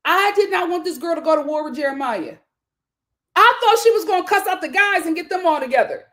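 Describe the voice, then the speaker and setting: A woman hosting a live reality TV recap, animated and exclamatory, laughing often. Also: very high voice. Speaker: reality show recap host.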